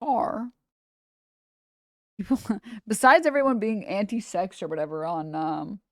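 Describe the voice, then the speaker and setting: A woman's voice: mid-range voice, lively intonation, a little slow, fairly bright tone, dry recording, studio quality. A young adult woman hosting a live stream, chatting casually in slangy, profane, irreverent banter. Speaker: streamer host.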